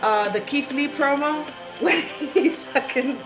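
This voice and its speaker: A woman co-hosting a wrestling podcast, giving scores in relaxed, casual talk. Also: high voice, takes it slowly, music in the background, rough recording. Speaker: podcast co-host. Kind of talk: casual chat.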